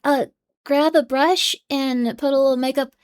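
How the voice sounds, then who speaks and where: Bubbly high-voiced woman streamer. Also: fairly even intonation, normal speed. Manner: bubbly, playfully scolding, shifts into whispers. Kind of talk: casual live-stream chat.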